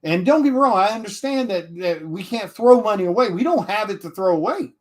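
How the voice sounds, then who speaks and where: A man's voice: high-pitched, animated, brisk. A man, an indie comic artist, talking to his viewers in a blunt, profane casual rant, with many restarts.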